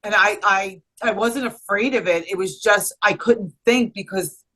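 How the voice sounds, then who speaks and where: Woman interview guest, bright and forward tone, earnest, rambling delivery with restarts. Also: mid-range voice, a little slow, rough recording. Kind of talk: personal storytelling in conversation.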